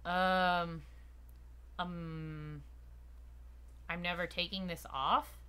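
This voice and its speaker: A woman's voice: fairly low pitch, level tone, very slow, sharp tone, smooth. A woman streamer reading a dating game's narration aloud in a playful, jokey way, mixing in her own remarks. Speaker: game streamer.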